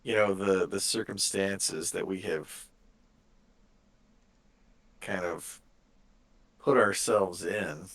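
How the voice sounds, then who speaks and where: A man playing in a tabletop game, chatting casually and thinking aloud with halting restarts. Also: low voice, fairly even intonation, creaky, a bit bright. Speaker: player.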